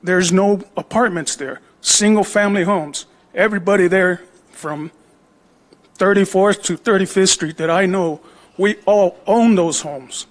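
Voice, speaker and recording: A man's voice: high voice, a little slow. A middle-aged homeowner, a man, speaking at public comment, aggrieved and plain-spoken about a project next door. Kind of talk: city council public comment.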